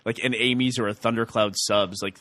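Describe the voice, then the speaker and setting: Bright-voiced man, laughing storyteller. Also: mid-range voice, a little fast, no echo. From Texas. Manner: animated storyteller, laughs often. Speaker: podcast host. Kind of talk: casual chat.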